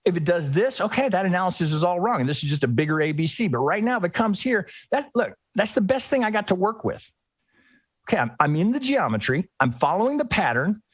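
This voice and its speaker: A man with a husky, slightly breathy voice teaches trading on a live screen share, his pitch swinging high and low as he talks. He often drops into quick impressions of traders' inner thoughts. The sound is close and dry, with no room echo. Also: sing-song. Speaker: trading educator.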